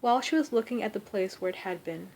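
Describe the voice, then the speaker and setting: A woman reads a storybook aloud in a soft, quiet narrating voice. Her pitch sits in the middle. A faint low rumble runs beneath the recording. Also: expressive, quick pace. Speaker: reader. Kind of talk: storybook reading.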